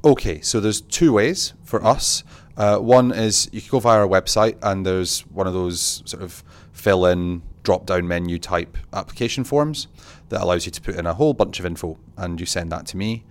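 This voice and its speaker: A man's voice: sits low, moderate pace, few pauses. A man, a venue manager and artistic director, chatting in an interview and acting out his own reactions. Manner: animated, acts out quoted reactions, laughs often. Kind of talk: casual conversational interview.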